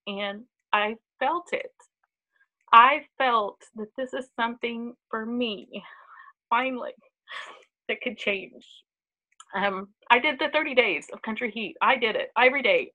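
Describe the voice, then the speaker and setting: A woman telling her personal story in a heartfelt, halting way, with many pauses and ums, on a live video. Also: medium pitch, narrow, tinny audio. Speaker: team member sharing a testimonial. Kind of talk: emotional personal testimony.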